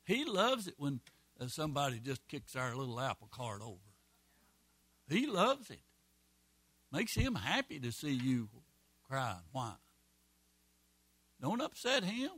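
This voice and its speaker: A man preaching a sermon as pastor, folksy and emphatic, with quick repeated phrases and asides. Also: mid-range voice, huge pitch swings, fairly bright tone, husky, no room sound.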